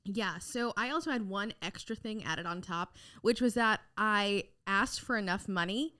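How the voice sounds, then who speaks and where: A young woman chatting as a podcast guest, her pitch sitting right in the middle of the range. She tells stories with lively energy and slips into voices when she quotes people. Her talk is frank and casual, with a curse now and then. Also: moderate pace. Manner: animated storyteller who acts out quoted lines. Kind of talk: casual interview chat.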